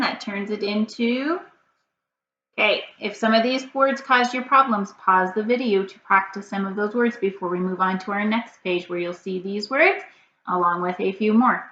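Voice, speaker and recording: Woman teacher doing phonics with kids, slow and patient, bright voice, kinda echoey and muffled, faint hiss. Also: mid-range voice. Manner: slow, patient, sound-by-sound prompting. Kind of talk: reading lesson for young children. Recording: dull, slightly noisy, roomy sound.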